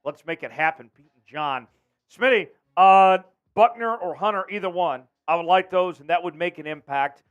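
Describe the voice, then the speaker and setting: A man's voice: high-pitched, normal speed, clean tone, highs cut off. A man hosting a casual sports talk livestream, upbeat, reading out viewer messages and chatting with his co-host. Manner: upbeat, reads viewer messages and shouts chants. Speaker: show host.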